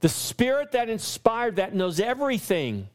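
A man preaching a sermon as pastor, pressing his points with repeated lines and slowing down when he quotes scripture. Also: very high-pitched, big pitch swings.

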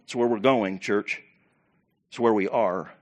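Man, pastor, sermon, animated preacherly delivery, church sanctuary. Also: on the low side, measured pace. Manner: animated, preacherly, swings between loud bursts and quiet asides.

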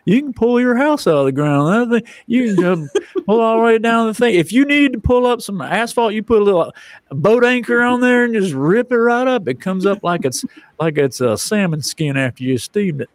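A man voicing a boastful, excited Southern man who brags about what his machines can do, in a Southern accent. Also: high-pitched, normal speed, no echo, clean studio sound, pitched above the performer's own voice. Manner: loud, revved-up bragging.

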